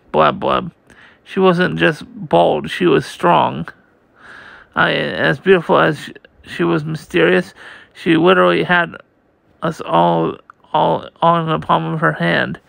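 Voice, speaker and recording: Slow, gravelly man reading comics. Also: a little high, steady tone, fairly bright tone, no room sound. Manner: halting, slow reading with many restarts. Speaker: comic reader.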